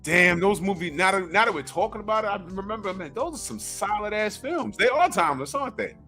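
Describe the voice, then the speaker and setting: A man with a high, bright voice that swings widely in pitch talks excitedly about films, full of slang. Faint music sits underneath. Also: fast talker. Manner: excitable, lively slang-filled talk. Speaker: podcast host. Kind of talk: casual film chat.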